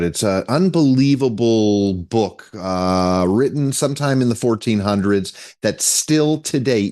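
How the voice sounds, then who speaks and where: Male guest, earnest and rambling, slightly low voice, casual chat. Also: darkish tone. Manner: rambling, earnest, many fillers. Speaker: TV host as guest.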